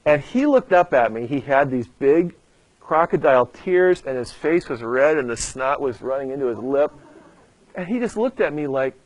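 A man's voice: medium pitch, normal speed, dry recording. A man preaching a sermon in a conversational way, often checking in with the listeners by asking "okay?". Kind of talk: sermon with personal story.

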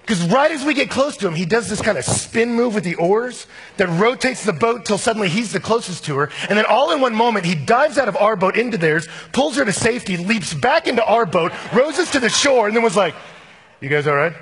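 A middle-aged male pastor preaching a sermon, telling a personal story with animated, acted-out voices in a church sanctuary. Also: high-pitched, a little fast, hardly any pauses, husky, long reverb tail.

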